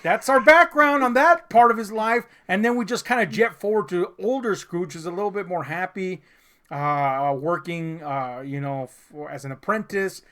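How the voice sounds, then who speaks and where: A loose, sarcastic movie-review rant full of swearing and laughter, in a mid-pitched voice that sits in the ordinary range. The talk rambles with fillers and restarts as the speaker mocks a film in casual comedic chat. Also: normal speed, a bit bright. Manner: profane, sarcastic ranting with frequent laughs.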